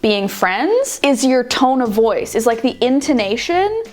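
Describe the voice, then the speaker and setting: Brief: high-pitched woman host, chatty, explains with examples. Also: very animated, measured pace. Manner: laughs often, explains with examples. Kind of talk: casual chat.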